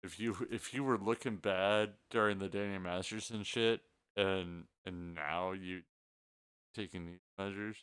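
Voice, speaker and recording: A man's voice: low voice, steady tone, a little slow, a bit bright, smooth. A man chatting on a late-night livestream, blunt and profane, often stammering and restarting. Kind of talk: casual late-night chat.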